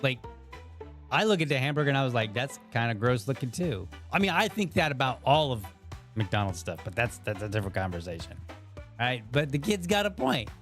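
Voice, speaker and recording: A man's voice: mid-range voice, sing-song, fairly quick, fairly bright tone, soft background music. A man hosting a show, chatting casually about a video and thinking aloud with frequent asides to viewers. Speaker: podcast host. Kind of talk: casual commentary on a viral video.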